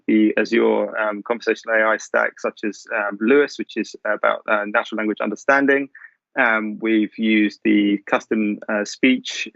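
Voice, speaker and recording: Male panelist, halting delivery, dry close lo-fi audio. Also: fairly low pitch, creaky, a bit bright, dry recording. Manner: halting, many fillers and restarts. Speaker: panelist from a broadcaster's tech team. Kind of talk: remote panel discussion.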